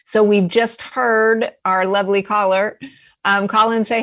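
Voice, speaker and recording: Measured woman author guest. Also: medium pitch, flat delivery, fairly bright tone. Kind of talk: explaining ideas in an interview.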